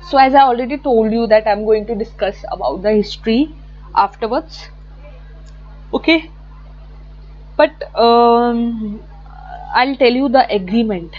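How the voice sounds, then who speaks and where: A woman's voice: on the high side, a little slow, pauses often, dull audio, a little hiss or hum. A woman teaching an online exam-prep lecture from slides, chatty and often correcting herself. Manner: chatty, self-correcting, repeats words.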